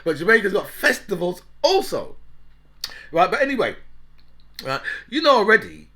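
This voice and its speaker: A man's voice: high-pitched, sing-song, moderate pace, sharp tone. A man hosting a casual monologue, rambling, laughing often and tagging "right?" onto his sentences. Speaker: talk show host.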